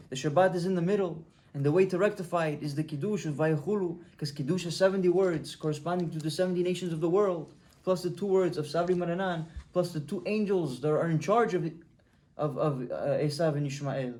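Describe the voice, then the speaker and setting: A man's voice: on the high side, dark tone. A man giving a Torah talk as a rabbi, telling a story and acting out its dialogue, often restarting words.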